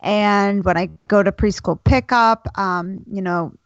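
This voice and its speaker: A woman's voice: medium pitch, steady tone, a little slow, no echo. A chatty woman podcast co-host who hedges with the odd um. Her voice is recorded very dry and a little dull and muffled. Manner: chatty, hedging with ums. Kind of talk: casual chat.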